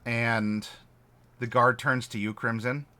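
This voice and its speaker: A man running a tabletop game, narrating slowly with many pauses and fillers. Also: medium pitch, little pitch movement, sharp tone. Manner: slow, halting, with many uh fillers. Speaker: game master.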